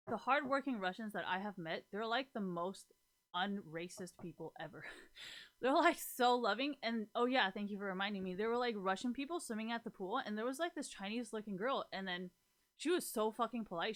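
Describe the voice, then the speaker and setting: A woman's voice: medium pitch, moderate pace. A young woman chatting to her viewers in a loose, rambling way, full of fillers, swearing and frequent laughter. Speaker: streamer talking to viewers. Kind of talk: casual rambling chat.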